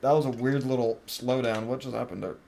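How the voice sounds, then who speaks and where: A man's voice: medium pitch, fairly even intonation, fairly quick, creaky, dark tone, a little hiss or hum. A young man streaming a game, chatting casually, joking around and swearing freely. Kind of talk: casual gaming stream chat.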